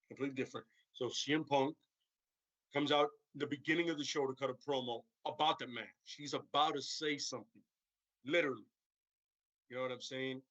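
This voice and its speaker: A man's voice: mid-range voice, fairly bright tone, dry recording, lo-fi sound. A man hosting a stream, rambling casually about wrestling storylines and tagging sentences with "right?" and "you know what I'm saying?". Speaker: stream host.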